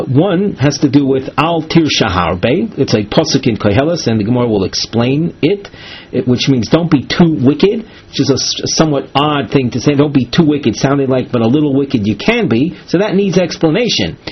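Husky man teaching in dull lo-fi. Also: fairly high pitch. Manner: methodical, explanatory, reads then translates. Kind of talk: line-by-line text lesson. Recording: dull lo-fi recording.

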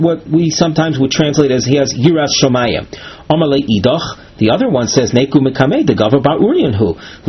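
Husky man teaching in dull lo-fi. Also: medium pitch. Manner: methodical, explanatory, reads then translates. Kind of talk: line-by-line text lesson. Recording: dull lo-fi recording.

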